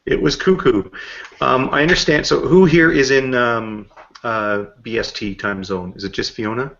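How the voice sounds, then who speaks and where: A man's voice: mid-range voice, steady tone, normal speed, vocal fry, a bit bright. A Canadian man hosting a casual group video chat, rambling, swearing and laughing at his own jokes. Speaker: host. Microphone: video call. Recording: dull lo-fi online call audio.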